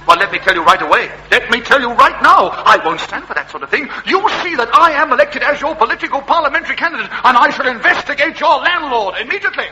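An actor playing a pompous, easily outraged parliamentary candidate in a comedy sketch, with a spluttering, indignant manner. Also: male voice, very high-pitched, expressive, fast talker, hardly any pauses, sharp tone, slight background noise, exaggerated voice, low-quality recording.

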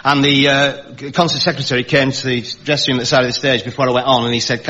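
A man's voice: mid-range voice, flat delivery, fast, bright, forceful tone, dull audio. A man, a comedian guest, telling a stand-up anecdote in a chatty storytelling way.

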